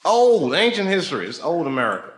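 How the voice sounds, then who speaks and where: A man's voice: fairly high pitch, sing-song, brisk. A man chatting casually with fans after a show, joking and laughing as he banters. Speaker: comedian. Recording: echoey room with background noise.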